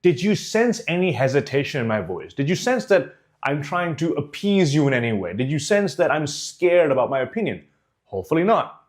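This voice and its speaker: A man's voice: a little high, a little fast. A man teaching how to speak with conviction, talking straight to his viewers and acting out examples. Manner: animated, demonstrates tones and faces. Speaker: communication coach. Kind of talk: direct-to-camera speaking lesson.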